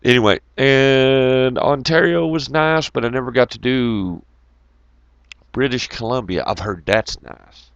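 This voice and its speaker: A man's voice: medium pitch, unhurried, vocal fry, clear, resonant tone, dry recording, muffled recording. A man, telling rambling, profane road stories to his viewers in a loose, joking way. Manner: profane, rambling, jokey, greets chat viewers. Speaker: channel host. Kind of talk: casual rambling storytelling to viewers.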